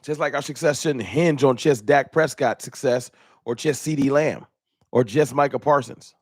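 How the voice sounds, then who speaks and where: A man's voice: mid-range voice, normal speed, breathy edge, dry recording, clean studio sound. A man hosting a live fan talk stream in a casual, slangy way, greeting viewers by name.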